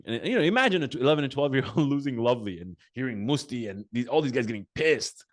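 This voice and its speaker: A man hosting a casual sit-down interview, telling animated stories full of fillers and restarts. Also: medium pitch, quick pace. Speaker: podcast host.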